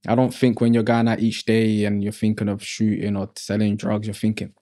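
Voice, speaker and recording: A man's voice: fairly low pitch, fairly even intonation, brisk, hardly any pauses, dark tone. A man hosting a casual interview, talking in a reflective, preachy way with street slang. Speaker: podcast host.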